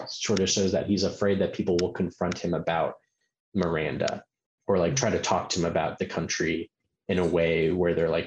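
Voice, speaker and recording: A deep-voiced man talks through a film in loose, rambling sentences, leaning on "like" again and again. His voice sits in a roomy, slightly muffled recording with faint hiss underneath. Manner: rambling, heavy use of filler "like". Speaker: podcast co-host. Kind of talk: casual film discussion.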